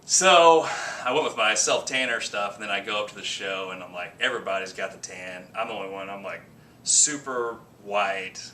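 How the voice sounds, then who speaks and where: A man's voice: lowish voice, moderate pace, slight background noise. A man telling a rambling personal story to the camera in a casual vlog. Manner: rambling, animated anecdote with quoted voices. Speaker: fitness vlogger. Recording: echoey room from a distance.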